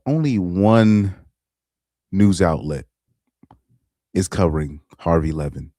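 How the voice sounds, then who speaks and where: A man's voice: low-pitched, takes it slowly, dark tone, no room sound, studio quality. A man casually commenting on a live stream, rambling and repeating himself. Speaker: live streamer reacting to videos.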